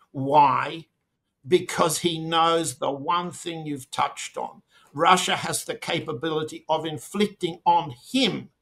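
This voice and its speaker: Older male guest, gravelly tone, unhurried, deliberate delivery with pointed stress. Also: on the high side, fairly bright tone. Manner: slow, deliberate, with pointed emphasis. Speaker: interview guest. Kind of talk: political commentary interview.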